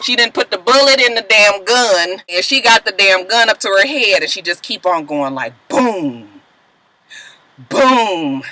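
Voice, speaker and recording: A woman's voice: mid-range voice, moderate pace, few pauses, poor audio. A woman casually recapping TV episodes, acting out the characters with put-on voices, laughing and swearing as she tells it. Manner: animated storyteller, acts out characters, laughs often, swears. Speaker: vlogger recapping TV shows.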